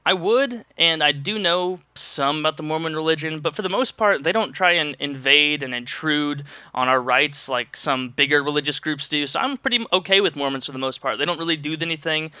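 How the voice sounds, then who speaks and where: A man's voice: on the high side, brisk, hardly any pauses, pushed and bright, clear, resonant tone, no room sound, clean studio sound. A young man vlogging to his viewers, answering their questions in a loose, joking ramble with sarcastic asides. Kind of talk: casual rambling monologue.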